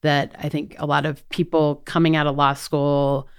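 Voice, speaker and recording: This prosecutor and DA candidate, a middle-aged woman, has a smooth, low-pitched voice with a level tone at normal speed. Answering an interviewer earnestly, she works through her thoughts out loud, often restarting and using many fillers.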